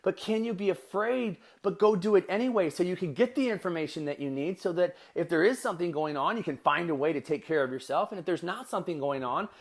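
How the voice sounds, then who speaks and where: A man's voice: sits high, quick pace, hardly any pauses. A middle-aged man tells a family story in a casual, earnest way and speaks straight to his listeners as a podcast host.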